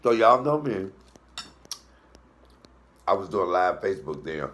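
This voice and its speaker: A man who hosts a comedy cooking show, telling a story in a loose, animated way. He swears freely and jumps up into a high falsetto when he quotes people. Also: unhurried, a little hiss or hum.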